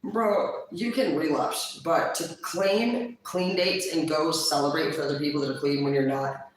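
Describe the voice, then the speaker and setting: A woman chatting casually on a livestream, blunt and profane, quick to laugh. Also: low voice, far from the mic. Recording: very echoey room, voice off-mic.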